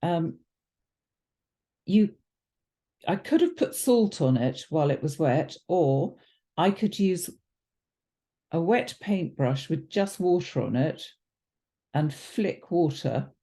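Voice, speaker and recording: With a low pitch, a slow pace and long pauses, a woman leads a relaxed watercolour demo. As an art teacher she chats and thinks aloud, full of ums and self-corrections.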